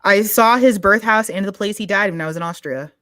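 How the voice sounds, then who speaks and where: A woman co-hosting a casual podcast chat, frank and wry, speaking quickly and swearing casually. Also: medium pitch, a bit bright, no echo. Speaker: co-host.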